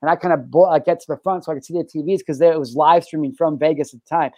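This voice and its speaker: A young adult man, a guest, tells a personal story in casual conversation, racing along in a fairly high voice. He's animated and profane, swearing a lot and calling people "bro." There's no room sound.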